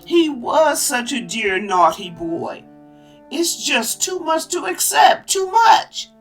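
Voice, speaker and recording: Fussy, gushing aunt, voiced by a woman, higher than usual, slow and exclaiming. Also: lively intonation, fairly bright tone, full character voice. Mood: fluttery. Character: flustered, gushing older aunt. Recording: distant mic with faint music.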